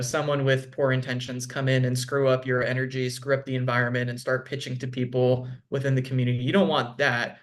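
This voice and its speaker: Man, business consultant guest, relaxed chatter over a video call, filler-heavy delivery. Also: medium pitch. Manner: conversational, frequent "like" and "um". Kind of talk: casual video call chat.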